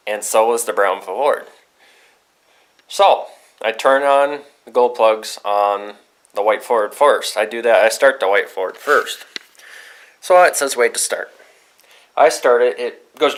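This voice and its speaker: A young man vlogging casually, telling a rambling, profane story about his day with excitable outbursts. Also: medium pitch, low-quality recording.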